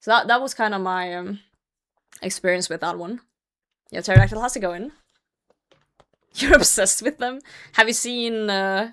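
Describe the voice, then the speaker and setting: A woman's voice: medium pitch, a bit bright. A woman hosting a livestream, chatting casually with viewers while she plays. She rambles, rants freely and swears offhand. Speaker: livestream host.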